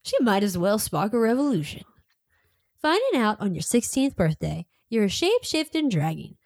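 Giggly woman with a lively voice. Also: medium pitch, moderate pace, no room sound. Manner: giggly, laughs often between lines. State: has a cold. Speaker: podcast co-host. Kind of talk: casual chat about audiobooks.

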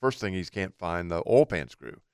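A man's voice: low voice, normal speed, smooth, no room sound, clean studio sound. A man co-hosting a radio talk show, telling a long story in a casual way and acting out what people said. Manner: animated anecdote teller acting out quotes.

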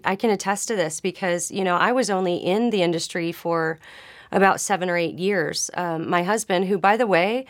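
A woman's voice: on the low side, no echo, studio quality. A woman hosting a live panel discussion, a former Christian music artist, talking in a friendly, conversational way. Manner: friendly, conversational, a bit halting.

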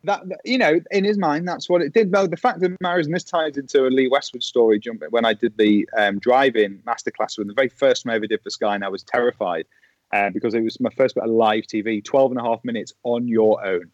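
A middle-aged man spins a lively anecdote, jumping into the voices of the people in his story. His voice sits at an ordinary pitch, and the recording is dry with a slightly dull, lo-fi edge. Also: fast, no room sound. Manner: animated storyteller who acts out quoted voices. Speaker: podcast guest, former pro golfer. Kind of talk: casual anecdote telling.

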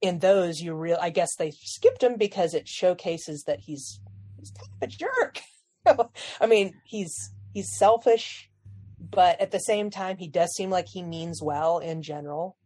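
Chatty woman with a low voice. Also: expressive, measured pace, dark tone. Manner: chatty, laughs often, trails off mid-sentence. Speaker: podcast co-host. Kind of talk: casual chat.

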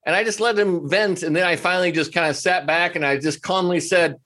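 A slightly higher-pitched man talks as a podcast guest, telling his stories in a relaxed, conversational way. He slips into the voices of the people he quotes, which keeps his delivery animated. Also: fairly quick, hardly any pauses. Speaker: restaurant coach, guest. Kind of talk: casual interview storytelling.

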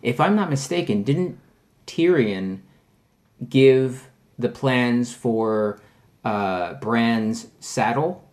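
A man chatting casually as a podcast co-host, joking and trading quick asides. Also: medium pitch, lively intonation, a little mellow. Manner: jokey, quick with asides and laughs. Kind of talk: casual chat.

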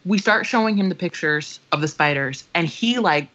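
A woman's voice: on the low side, expressive, moderate pace, a bit bright. Young adult woman, casual podcast co-host, emphatic and swearing, lo-fi sound. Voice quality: profane, emphatic storyteller. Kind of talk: casual storytelling chat. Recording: dull lo-fi podcast audio.

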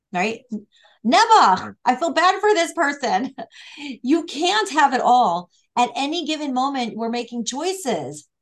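A woman teaching a class on scripture, chatty and playful, often checking in with her students. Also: medium pitch. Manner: conversational, asks "right?" often; acts out the fool's inner voice playfully. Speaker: Torah teacher. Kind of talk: online class on Proverbs.

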